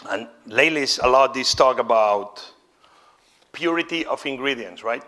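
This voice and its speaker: Bright-voiced showman chef, non-native speaker. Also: mid-range voice, expressive, moderate pace. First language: not English. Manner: showman-like, exclaiming, then candid and conversational. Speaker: chef giving a demonstration lecture. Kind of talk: live cooking demonstration talk.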